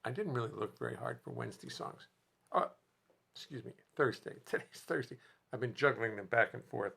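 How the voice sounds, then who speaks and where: Gravelly man chatting on a live stream. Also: mid-range voice, a little fast, bright, forceful tone. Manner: rambling, chatty, jokes to viewers. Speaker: host and musician. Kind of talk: casual live-stream chat. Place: home music studio.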